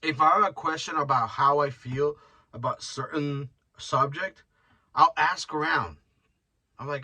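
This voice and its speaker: This podcast host's voice is on the high side, bright, forceful, and husky, and he's far from the mic, speaking at a measured pace. Alone on his casual show, he rambles bluntly and profanely, often restarting as he thinks aloud.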